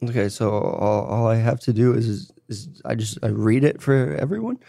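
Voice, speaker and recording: A man co-hosting a sports podcast, talking in a relaxed, blunt way, recorded in an office. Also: mid-range voice, moderate pace, vocal fry, no room sound, studio quality. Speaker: podcast co-host. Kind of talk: casual sports chat.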